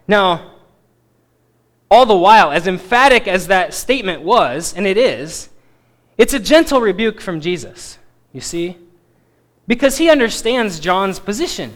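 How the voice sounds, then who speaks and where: Guy preaching a bible lesson, high voice that jumps all over, leans hard on words then goes soft. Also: sing-song, normal speed. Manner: emphatic, swings from loud stresses to quiet asides. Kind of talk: bible teaching sermon.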